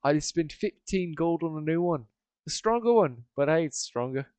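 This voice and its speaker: A man voicing a chatty male fisherman who fled a monster, talking in excited, tumbling, rambling bursts. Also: a little high, normal speed, smooth, no room sound, voice pushed up, close to an everyday voice.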